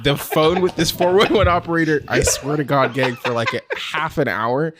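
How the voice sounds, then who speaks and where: A man's voice: on the high side, normal speed, very noisy. A man hosting a podcast, rambling through self-deprecating stories in casual chat. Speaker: podcast host.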